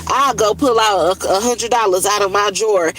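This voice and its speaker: A woman's voice: medium pitch, moderate pace, a bit bright, poor audio. Blunt, profane woman in her thirties venting. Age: 30s. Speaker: livestreamer. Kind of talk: casual venting monologue.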